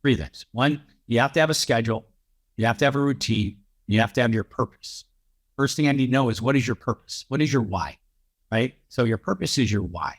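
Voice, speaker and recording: Male guest coach, quick emphatic talk, repeats key points, medium pitch. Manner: punchy, repetitive, lists points. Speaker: podcast guest, real estate coach.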